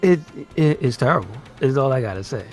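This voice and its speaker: A man's voice: mid-range voice, animated, a little fast. Man, podcast co-host, casual movie chat, rambling, faint music behind. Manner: rambling, reads out cast lists with fillers.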